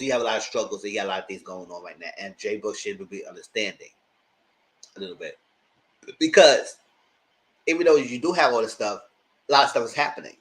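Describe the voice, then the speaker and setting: A man giving casual live commentary on reality TV, animated and sassy, often jumping into a high exaggerated voice. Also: low-quality recording. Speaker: YouTube TV commentator.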